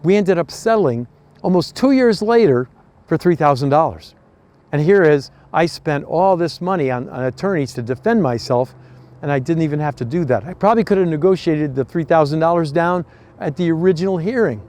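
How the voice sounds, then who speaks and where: A man's voice: a little high, expressive, a little fast, darkish tone. Earnest folksy older man. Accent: American East Coast. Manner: folksy, earnest storytelling with restarts. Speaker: host. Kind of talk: casual advice talk.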